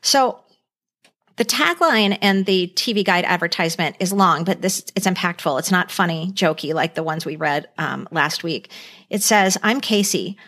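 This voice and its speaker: A woman's voice: lowish voice, normal speed, a bit bright. A middle-aged woman co-hosting a podcast, earnestly recounting an old TV movie in casual chat with many fillers. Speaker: podcast co-host.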